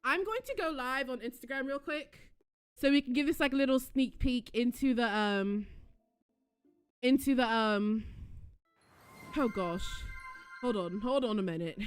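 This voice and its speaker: A young woman hosting a live stream, chatting casually with her viewers and breaking into excited shrieks and giggles. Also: fairly high pitch, a little slow, pauses often, clear, resonant tone, faint music behind. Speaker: livestream host.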